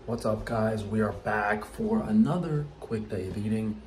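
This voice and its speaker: A man's voice: fairly low pitch, a little slow, darkish tone, a little hiss or hum. A man vlogging in a casual, matter-of-fact way about his daily eating routine. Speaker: diet vlogger in the reacted clip. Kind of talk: casual vlog.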